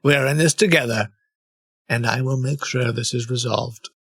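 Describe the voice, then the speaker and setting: A man reading aloud as a stiffly polite chatbot suitor, in a formal, even delivery. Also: mid-range voice, normal speed, slightly rough, no room sound, clean studio sound. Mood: earnest.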